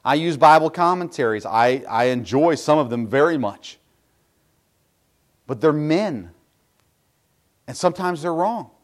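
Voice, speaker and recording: A man's voice: fairly high pitch, lively intonation, measured pace, long pauses. A middle-aged pastor preaching a sermon in a folksy, self-deprecating way, with asides to his congregation.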